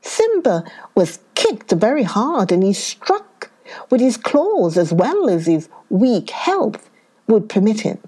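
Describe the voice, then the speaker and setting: A woman narrating a children's story, reading slowly and with plenty of expression. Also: mid-range voice, very animated, dark tone, breathy edge.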